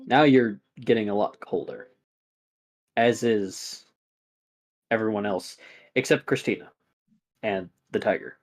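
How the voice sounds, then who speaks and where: Casual male game master. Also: lowish voice. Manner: casual, halting, with fillers and restarts. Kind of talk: narrating a tabletop game.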